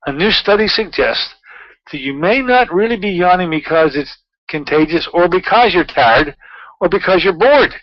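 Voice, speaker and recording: Chatty male talk-show host, slightly high. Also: no echo, highs cut off. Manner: chatty, rambling, with frequent fillers. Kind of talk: casual talk-show monologue.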